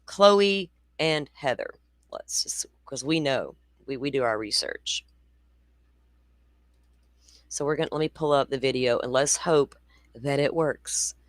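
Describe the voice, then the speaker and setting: Hosting a true crime show as casual livestream commentary, a woman in her forties talks in a chatty, blunt way with rambling asides. Her voice is extremely low and unhurried, she pauses often, and there's no echo.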